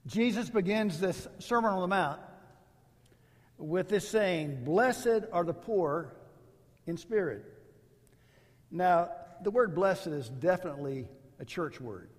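A man's voice: high-pitched, lively intonation, slow, long pauses, slightly rough, long reverb tail. A man preaching a sermon as a pastor, in a casual, storytelling way with rhetorical asides.

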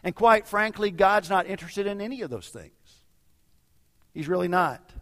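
A man preaching a sermon as a lively storyteller, acting out the dialogue of the people in his story. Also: high voice. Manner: animated storyteller acting out dialogue in quick asides. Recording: long reverb of a large hall.

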